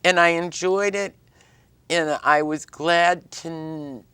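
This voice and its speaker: A talk show host who guides a studio interview with friendly, rambling questions. The recording is close and dry with no room echo. The voice sits at a middling pitch. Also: fairly even intonation, takes it slowly, sharp tone, clean tone.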